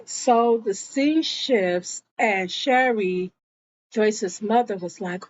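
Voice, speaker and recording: A woman's voice: medium pitch, drawn-out words, a little hiss or hum. A woman recapping a TV episode in a chatty, gossipy storytelling way, on a dull, muffled recording. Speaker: TV show recapper.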